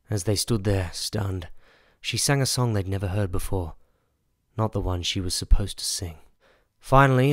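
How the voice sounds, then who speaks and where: A man doing a hushed jazz cafe owner. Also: sits low, no echo, studio quality. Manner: hushed, conspiratorial storytelling. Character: older male jazz cafe owner, obsessive music buff.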